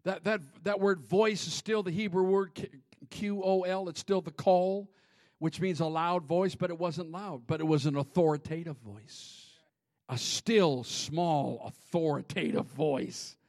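A pastor with a high voice delivers a sermon in a church. He moves between hushed, breathy whispers and loud, ringing shouts as he preaches. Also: steady tone, measured pace. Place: church sanctuary.

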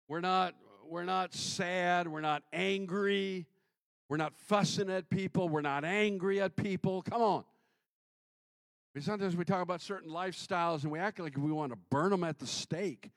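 A middle-aged male pastor preaching a sermon, swinging from loud exclamations to quiet asides. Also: high-pitched, measured pace, gravelly, no echo.

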